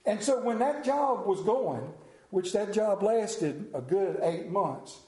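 A man telling a folksy story with a dramatic, drawn-out delivery and slowed emphasis. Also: high voice, mellow. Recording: roomy echo.

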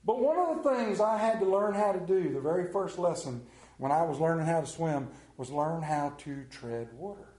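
A middle-aged male pastor delivers a sermon at normal speed in an echoey room with a congregation. He tells the story with animated energy, acting out lively scenes with big pitch swings and suddenly dropping to a hush.

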